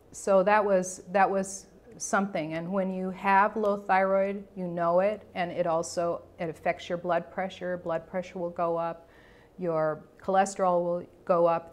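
A woman with a somewhat low voice tells her own health story. She talks casually, correcting herself as she goes and acting out what was said. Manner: animated storytelling with quoted dialogue and frequent restarts; conversational, self-correcting. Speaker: health educator. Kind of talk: personal story and health talk.

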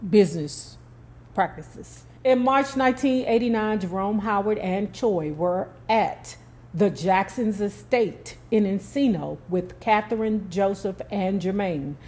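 A woman's voice: medium pitch, a little slow, a little mellow. Woman narrating a story with casual asides. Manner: casual, emphatic commentary between readings.

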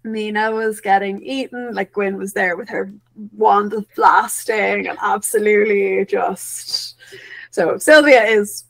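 A woman's voice: medium pitch, fairly even intonation, measured pace, vocal fry. A woman playing a tabletop game, chatting casually with lots of fillers. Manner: chatty, filler-heavy, laughing. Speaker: player.

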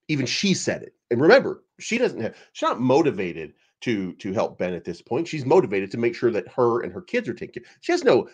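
A man's voice: mid-range voice, breathy edge. A man giving a rambling, sarcastic and profane commentary as the host of an online channel. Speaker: crypto YouTube commentator. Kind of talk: casual ranting commentary.

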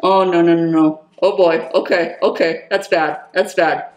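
A woman hosting an anime reaction video, gushing with excited exclamations and shrieks. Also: fairly low pitch, measured pace. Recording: roomy echo.

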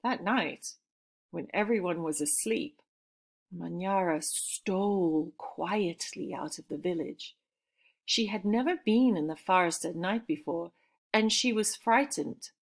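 A woman reads a children's storybook aloud at an unhurried, gentle pace. Her delivery is calm and measured, with a middle pitch for a woman.

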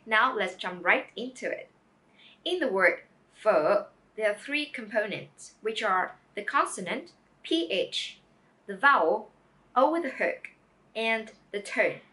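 Slow, bright-voiced woman language tutor. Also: a little high, sing-song. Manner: slow, careful, encouraging teacher. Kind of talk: pronunciation lesson.

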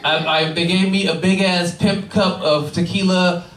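A man doing a stand-up comedy set, telling profane, animated stories with exaggerated voices to a live audience. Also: high voice, normal speed. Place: cannabis club comedy show before a live audience. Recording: roomy live room, distant mic, crowd laughter.

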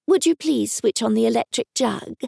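A woman's voice: fairly high pitch, moderate pace, gravelly, a little mellow, no echo, studio quality. An Australian woman voicing a stern, prim, disapproving older mother.

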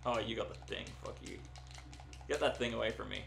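A young man commentating a video game in casual chat, excitable, swearing loudly and laughing often. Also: on the low side, very fast, creaky. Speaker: gameplay commentator. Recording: roomy with faint noise.

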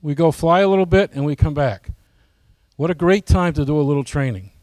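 A man's voice: on the high side, brisk, darkish tone, no echo. Man, folksy club presenter, asks the audience questions, dry close sound. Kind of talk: casual presentation to club members.

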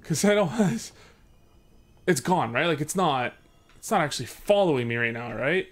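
A man's voice: a little high, lively intonation, moderate pace, a bit bright. A young man, commenting on a horror game he is playing, joking around and swearing when he gets scared. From Sudbury, Canada. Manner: jokey, swears, panics and yelps when scared. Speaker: let's play host.

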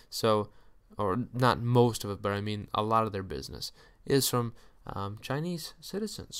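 A man's voice: medium pitch, clean tone. A man running through stock earnings in casual solo commentary, joking, ranting at companies and then apologizing. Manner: chatty, jokey, apologizes for mock rants. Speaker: stock market YouTuber.

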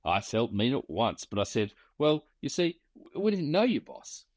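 Wry bushman yarn-spinner, read by a man, lively up and down delivery, dry close sound. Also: medium pitch, moderate pace, no echo. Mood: drawling yarn. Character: weathered male bushman spinning yarns.

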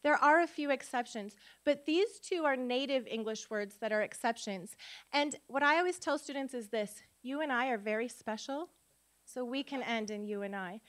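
A woman from Minnesota giving a live phonics workshop to tutors, sounding out letters and quizzing the audience. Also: sits high. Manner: lively, demonstrates sounds aloud, asks audience questions. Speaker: literacy educator, conference speaker. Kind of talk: live teaching talk to tutors. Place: conference room.

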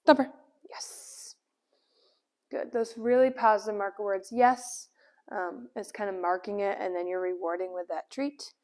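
In a medium-pitched voice, a woman trainer casually demonstrates dog training indoors at home. She keeps her explanations calm, mixing in cheerful calls of the dog's name and fast praise, as a faraway camera records.

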